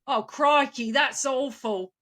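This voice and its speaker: A woman's voice: sits high, slow, a bit bright, full character voice. A woman putting on a British accent to voice an indignant middle-aged man in a comic retelling. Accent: put-on British. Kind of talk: comic impression in podcast chat.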